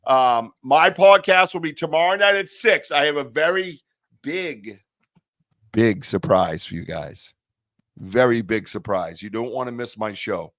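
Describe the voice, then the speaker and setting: A man hosting a live stream, in easy, casual banter. He sounds chatty and excitable, with a mid-pitched voice. The sound is dry and close, with no room echo. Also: measured pace. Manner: chatty and excitable, with loose restarts. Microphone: streaming setup mic.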